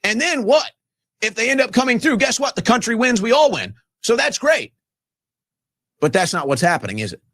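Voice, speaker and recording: High-voiced guy ranting, sarcastic and mocking, dry close sound. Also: sing-song, normal speed, no room sound. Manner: sarcastic, mocking, shouting at times. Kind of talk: heated political rant.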